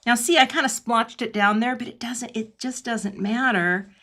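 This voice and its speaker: A middle-aged woman teaching cardmaking in a live online demo, chatting and laughing often, her voice dropping low when she concentrates. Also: moderate pace, bright, forceful tone. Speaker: cardmaking instructor. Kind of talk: live online craft demonstration.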